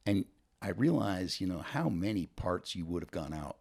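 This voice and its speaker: Casting: middle-aged Canadian entrepreneur guest, low-pitched, animated storyteller who restarts sentences. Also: male voice, moderate pace, creaky. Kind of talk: casual interview chat.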